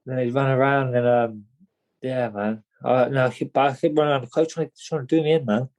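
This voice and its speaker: Quick-paced with a medium pitch and darkish tone, this young boxer speaks on a low-quality recording as a podcast guest. His casual storytelling rambles and circles back on itself, full of "mate" and "do you know what I mean".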